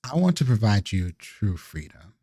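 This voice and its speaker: A man's voice: fairly low pitch, big pitch swings, normal speed, warm tone. A man voicing a poised, persuasive woman vampire elder in a live-streamed tabletop role-play, coaxing and grandly idealistic.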